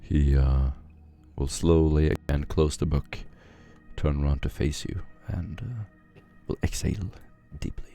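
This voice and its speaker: Deep, gravelly male game master. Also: a little slow, warm tone, faint music behind. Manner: hesitant, with frequent fillers. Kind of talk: narrating a tabletop game.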